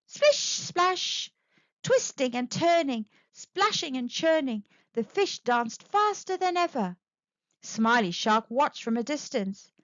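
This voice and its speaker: A woman reads a picture book to young children in a lively, sing-song voice. She speaks slowly and stays dry and close. The sound is a little dull and muffled. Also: high voice, no echo. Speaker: storyteller reading a picture book aloud. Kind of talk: children's read-aloud narration.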